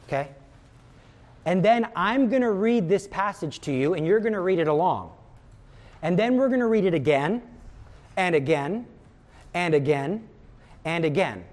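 Emphatic male prayer teacher, high-voiced, earnest. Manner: earnest and emphatic, repeats words for stress. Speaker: religious teacher.

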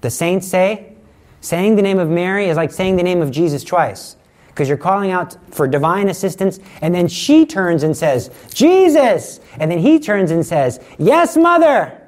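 A middle-aged man giving a conversational sermon, teaching with lively examples and acted-out quotes. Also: high-pitched, normal speed. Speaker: preacher.

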